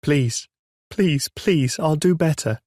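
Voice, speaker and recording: A man's voice: medium pitch, slow, darkish tone, slightly rough, no room sound, studio quality, voice pushed up. A man voicing a frightened young boy who pleads tearfully with his mother, in an audiobook reading. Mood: pleading.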